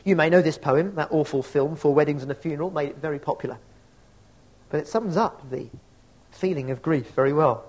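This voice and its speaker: High-voiced reflective male preacher. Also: brisk, a little mellow. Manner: reflective, with rhetorical questions; reads scripture and poetry aloud. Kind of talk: sermon.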